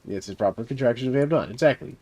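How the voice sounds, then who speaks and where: A man's voice: medium pitch, animated, rapid-fire, darkish tone, breathy edge. A man with a Southern US accent chatting casually while streaming a game, rambling through stories with lots of fillers and chuckles. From Southern United States. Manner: rambling storyteller, heavy fillers, chuckles through his tale. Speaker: game streamer and server host. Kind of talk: casual chat while gaming on a live stream.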